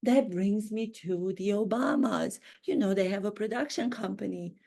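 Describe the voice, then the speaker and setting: A woman putting on a vain, self-pitying duchess in a satirical impression, speaking slowly and theatrically. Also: mid-range voice, gravelly, warm tone. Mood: haughty. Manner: slow, grandiose, theatrical delivery with drawn-out words. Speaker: acting coach.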